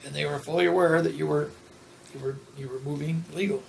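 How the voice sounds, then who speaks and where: A man's voice: on the high side, fairly even intonation, fairly quick, vocal fry, a little hiss or hum, poor audio. A man speaking in casual conversation who tells stories in a matter-of-fact way. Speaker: interviewee.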